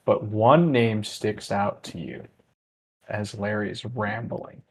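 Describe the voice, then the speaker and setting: A man's voice: on the low side, slow pace, vocal fry, darkish tone, slightly rough. A man narrating a tabletop role-playing game as game master, casual and loose with fillers.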